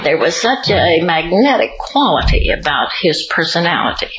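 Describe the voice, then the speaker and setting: A woman giving an oral history interview, telling her memories in an unhurried, storytelling way with occasional light laughs. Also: low-pitched, very animated, fairly bright tone, reverberant, rough recording.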